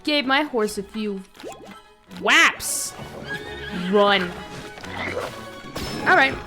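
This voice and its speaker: A young woman streaming a video game, swinging between loud excitement and low muttering as she talks. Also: extremely slow, soft background music. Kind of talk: casual gameplay commentary.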